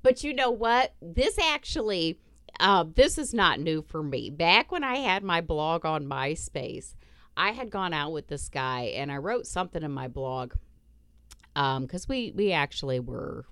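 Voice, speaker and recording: A woman's voice: deep voice, very animated, measured pace, a bit bright, clear, resonant tone, dry recording, studio quality. A middle-aged woman hosting a podcast in casual chat, blunt and profane, laughing often. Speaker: podcast host.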